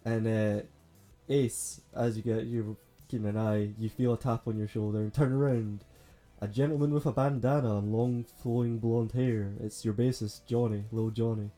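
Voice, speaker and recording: A man, narrating as game master with rough, swearing banter and frequent laughs. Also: mid-range voice, fairly even intonation, moderate pace, warm tone, faint music behind. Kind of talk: narrating a tabletop role-playing game.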